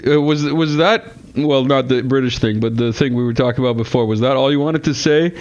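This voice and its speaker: A man's voice: mid-range voice, a little fast, darkish tone, clear, resonant tone, dull audio. A man hosting a casual interview, laid-back and teasing, laughing often. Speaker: host.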